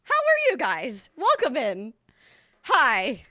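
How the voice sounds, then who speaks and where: A woman's voice: sits high, wildly swooping pitch, slow, pushed and bright, dry recording, clean studio sound. A woman streamer fussing over her two cats, then greeting her chat in a casual livestream.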